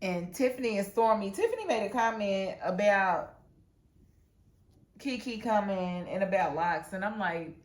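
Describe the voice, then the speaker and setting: A woman's voice: mid-range voice, unhurried. Sassy woman in a roomy room. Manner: sassy, animated, acts out cast members' lines. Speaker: reality show reviewer. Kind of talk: casual commentary. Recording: roomy echo.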